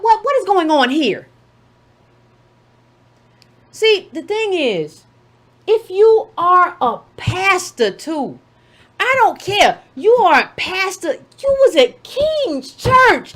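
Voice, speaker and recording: Woman, very high voice, casual commentary, sarcastic, mocking, rhetorical. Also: sing-song, slow, long pauses, a bit bright. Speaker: political commentator.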